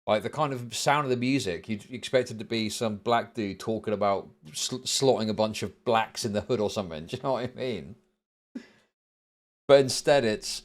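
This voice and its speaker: A man's voice: fairly low pitch, unhurried, long pauses. A man, a streamer host giving profane, sarcastic reaction commentary. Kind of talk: casual livestream reaction commentary.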